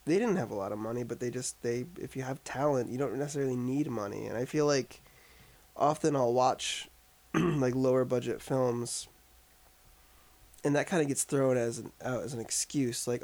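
Gravelly casual man reviewing a film. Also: mid-range voice, expressive, moderate pace, darkish tone. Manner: rambling, many "like" fillers. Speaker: podcast co-host discussing a film. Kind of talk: casual chat. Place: upstate New York.

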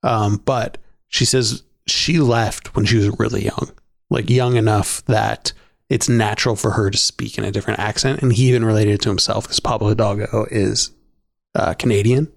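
A man's voice: fairly low pitch, steady tone, normal speed, creaky, no echo, studio quality. A man co-hosting a podcast, talking chattily with lots of "like" and "um" in a casual discussion. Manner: chatty, filler-heavy, laughs often. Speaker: podcast co-host.

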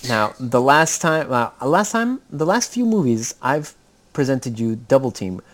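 A man's voice: medium pitch, big pitch swings, unhurried. A man co-hosting a casual film chat, swearing freely and often tagging his sentences with "okay?". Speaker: podcast co-host presenting films.

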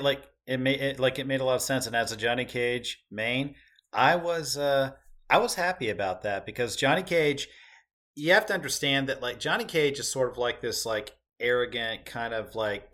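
A man's voice: mid-range voice, a bit bright. A man co-hosting a podcast, chatting casually and enthusiastically, with lots of filler words. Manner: enthusiastic, rambling with many "like" fillers. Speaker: podcast co-host. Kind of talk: casual chat.

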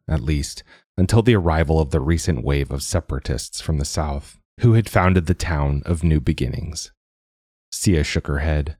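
A man narrating a science fiction story in a measured reading. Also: very deep voice, warm tone, no echo, clean studio sound. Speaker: audiobook narrator. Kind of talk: scripted narration.

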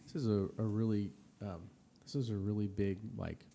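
A man co-hosting a podcast who speaks encouraging words to his guests, hesitating often and pausing with fillers. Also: fairly low pitch, steady tone, gravelly, mellow, slight background noise. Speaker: podcast co-host. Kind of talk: casual encouragement.

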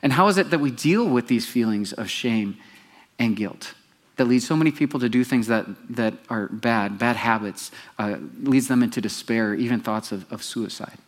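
A man preaches to his congregation, retelling a Bible story with animation. He stops to put questions to his listeners and speeds up or slows down as the story goes. His voice sits at an ordinary middle pitch. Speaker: pastor. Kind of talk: sermon.

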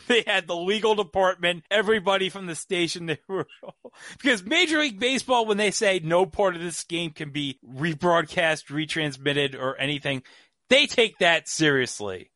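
A man's voice: sits high, expressive, normal speed, pushed and bright, no room sound. A man hosting a podcast, telling a story in casual chat with lots of fillers. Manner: chatty storyteller, many fillers. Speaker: podcast host.

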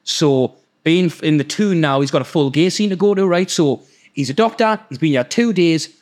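A man with a Geordie accent, hosting a podcast and telling a story in a sweary, animated way. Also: fairly high pitch, moderate pace. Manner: sweary, animated, acts out the people in his stories. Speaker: podcast host. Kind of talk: casual storytelling.

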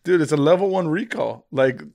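A young man co-hosting a casual podcast, full of teasing jokes. His voice sits a little high and swings widely in pitch as he riffs. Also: a little fast, vocal fry. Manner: animated, joking, teasing. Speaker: podcast co-host. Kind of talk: casual chat.

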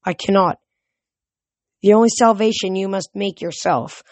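A woman voicing an ancient, fading nature god who speaks slowly and solemnly. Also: medium pitch, darkish tone, no room sound, natural voice. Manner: slow, solemn, forlorn.

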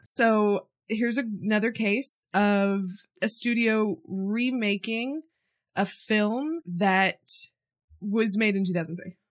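A woman's voice: mid-range voice, takes it slowly. A woman co-hosting a casual podcast, reading news items aloud and adding wry asides between laughs. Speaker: podcast co-host.

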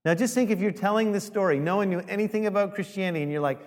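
High-voiced pastor preaching in a reverberant hall. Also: male voice, brisk. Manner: animated, acts out quoted voices with rising volume. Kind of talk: sermon.

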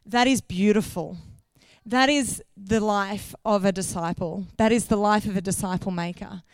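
A woman's voice: medium pitch, normal speed, dry recording. A woman giving a sermon in a conversational way, asking the congregation questions and correcting herself as she goes. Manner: loses her place, corrects herself mid-sentence. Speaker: guest preacher.

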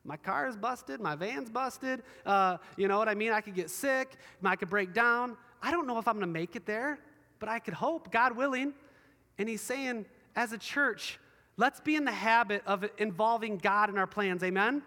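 A man's voice: sits high, normal speed, sharp tone. A man preaching a conversational sermon in a church, often checking in with the congregation for agreement. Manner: chatty, asks the room for assent. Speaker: pastor. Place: church hall. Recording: long hall reverb.

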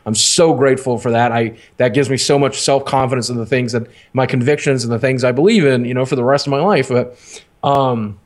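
A man's voice: mid-range voice, steady tone, fairly quick. A man casually telling a long personal story, rambling and swearing, often laughing at himself.

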